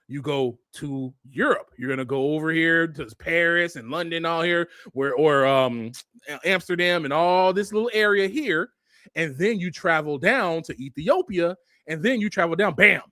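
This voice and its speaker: A man's voice: a little high, normal speed, a bit bright, no echo, studio quality. A man giving a heated, blunt online monologue while walking through a map, repeating himself and going off on tangents. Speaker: online commentator.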